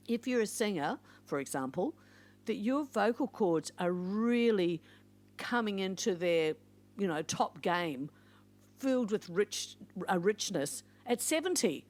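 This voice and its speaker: A woman's voice: mid-range voice, animated, measured pace. An older woman, hosting a podcast in a casual, reflective monologue. She is chatty and encouraging and drifts into playful asides. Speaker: podcast host.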